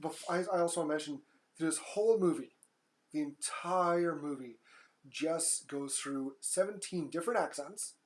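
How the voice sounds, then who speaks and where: A woman's voice: low voice, moderate pace. A woman co-hosting a podcast in casual chat, blunt and casually swearing. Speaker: podcast co-host.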